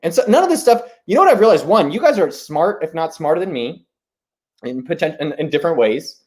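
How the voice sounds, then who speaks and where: A man hosting a live stream, talking in a casual, rambling way, excited and swearing freely. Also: fairly high pitch, fairly quick. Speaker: host.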